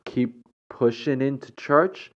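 A woman's voice: rumbling low, slow pace, pitched above the performer's own voice, heavily acted. A man quoting a nosy churchgoing woman, asking pointed, insinuating questions in a slightly muffled recording. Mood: prying. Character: nosy churchgoing woman, prying and passive-aggressive.

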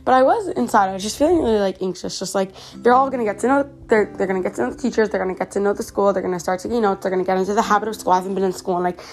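A woman's voice: medium pitch, racing, hardly any pauses. Chatty teenage girl, slightly sick. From Canada. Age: teens. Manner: chatty, earnest, many fillers and restarts. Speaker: podcast host. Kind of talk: casual personal podcast monologue.

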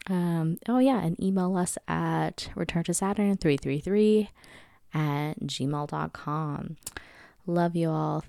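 A woman's voice: fairly low pitch, creaky, mellow, dry recording, studio quality. A woman in her twenties hosting a casual solo podcast from home, chatty and candid, swearing freely and laughing often. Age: 20s. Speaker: podcast host.

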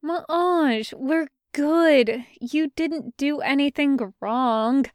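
A woman voicing an earnest, reassuring young woman, pitched higher and louder than her narration. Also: extremely slow, no room sound, clean studio sound.

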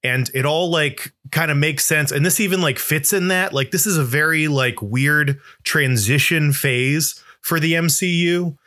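A man's voice: fairly high pitch, a little slow, few pauses, bright, forceful tone. A man in casual film discussion chat, rambling with lots of "like" fillers and getting emotionally worked up. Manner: swears when worked up. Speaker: podcast co-host.

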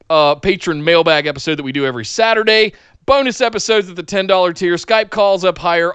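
Male co-host, high and bright, smooth tone, casual plug-reading delivery. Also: no echo. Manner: relaxed, reads plugs with filler words. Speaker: podcast co-host. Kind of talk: casual podcast chat.

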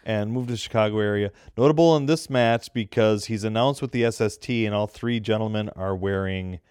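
Man, co-host, wry sarcastic humor, lowish voice, dry recording. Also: brisk, a little mellow, clean tone, dry recording. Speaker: podcast co-host. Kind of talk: casual chat.

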